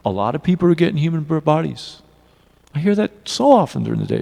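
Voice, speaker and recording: A man giving a devotional class in a temple hall, telling personal stories in an earnest, animated way. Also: fairly high pitch, fast, creaky. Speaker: class speaker. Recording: long reverb of a hall.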